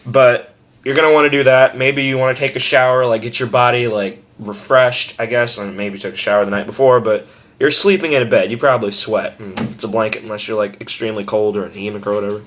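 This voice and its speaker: A young man giving a casual, rambling tutorial on screaming, self-deprecating and loose, with sudden loud scream demos. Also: medium pitch, fairly even intonation, fast talker.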